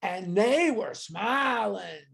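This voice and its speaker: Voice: medium pitch, expressive, extremely slow, vocal fry, a bit bright, heavily acted. A speaker imitating a drawling Kentucky countryman. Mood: wondering. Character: old country man recalling hope, drawling.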